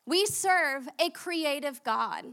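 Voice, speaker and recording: This young female preacher, who has a lilt, takes her time and lets vocal fry creep into her high, bright, forward voice. Her sermon is animated and conversational, and she laughs at herself as the stories unfold.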